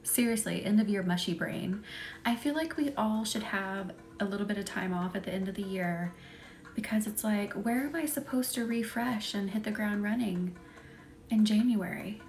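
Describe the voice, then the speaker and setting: A young woman hosting a live reiki session, chatting casually with viewers and slipping into soft whispers while guiding energy work. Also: medium pitch, moderate pace. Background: soft music.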